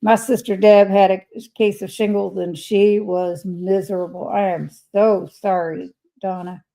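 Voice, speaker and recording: An older woman chats on her livestream, reading out viewers' messages and answering each one. Her voice is gravelly with a mellow, dark tone, and she speaks at an everyday middle pitch. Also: level tone, measured pace, rough recording. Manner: chatty, reads messages aloud and replies warmly. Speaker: livestream host. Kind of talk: casual livestream chat, reading viewer comments aloud.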